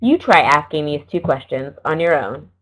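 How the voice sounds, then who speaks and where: A middle-aged woman teaching an English lesson, explaining slowly and carefully and correcting herself now and then. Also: sits low, lively intonation. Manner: slow, careful explaining with small self-corrections. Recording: dull lo-fi recording.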